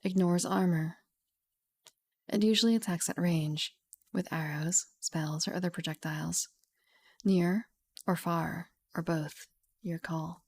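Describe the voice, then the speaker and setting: Husky low-voiced woman, half-whispering. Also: fairly even intonation, slow, pauses often. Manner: soft and half-whispered, chatty asides. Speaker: streamer. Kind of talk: soft-spoken reading of a game rulebook. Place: at home. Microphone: studio mic with pop filter.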